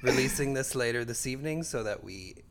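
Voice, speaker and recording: A man from Canada co-hosting a tennis podcast in casual chat, relaxed and joking, laughing often. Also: medium pitch, a little fast. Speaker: podcast co-host.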